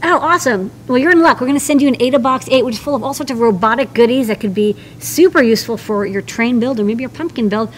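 A bubbly woman co-hosts a live stream in a casual, easy chat, her voice sitting fairly high. She is playful and upbeat. A faint hum of noise sits behind her. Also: fast, few pauses, poor audio. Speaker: co-host.

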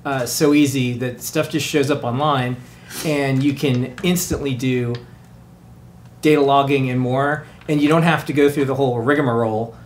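A co-host at a home desk making playful jokes and asides in a relaxed chat. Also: female voice, very deep voice, normal speed, slight background noise. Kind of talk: casual chat.

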